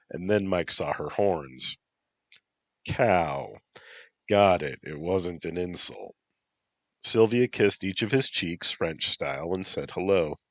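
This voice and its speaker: A man narrating a fantasy story in a steady, matter-of-fact reading. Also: sits low, dry recording. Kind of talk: audiobook narration.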